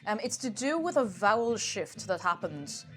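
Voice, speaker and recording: A woman's voice: medium pitch, very animated, moderate pace, soft background music. A young woman with an Irish accent, chatting casually on a live stream, rambling and laughing often.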